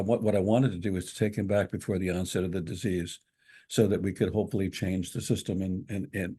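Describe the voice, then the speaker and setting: A man co-hosting a reflective spiritual talk, telling a story in a measured way with many restarts. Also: low-pitched, warm tone, breathy edge.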